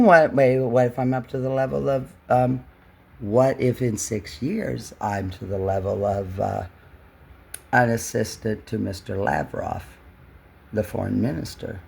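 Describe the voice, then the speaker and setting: Gravelly, husky man rambling to camera. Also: medium pitch, normal speed, darkish tone. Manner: emotional, repetitive, many restarts with "well". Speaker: vlogger.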